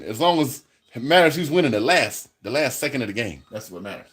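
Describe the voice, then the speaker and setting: A man hosting a live fan reaction stream, excitable and trash-talking, speaking into a phone held at arm's length. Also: medium pitch, quick pace. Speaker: fan livestream host.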